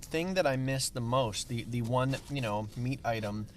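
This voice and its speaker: A middle-aged man with a Chicago accent talks in an easygoing way as a guest in a parked car, with a dry sense of humor. His pitch sits in the middle, and a faint noise runs behind him. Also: normal speed. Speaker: musician guest. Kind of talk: casual chat in a car over food.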